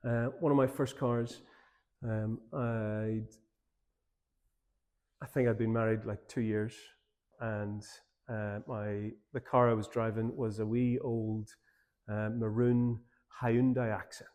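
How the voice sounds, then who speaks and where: A man with an Irish accent, a pastor telling a personal story in a church seminar talk, in an informal, animated way. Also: mid-range voice, takes it slowly, long pauses. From Ireland.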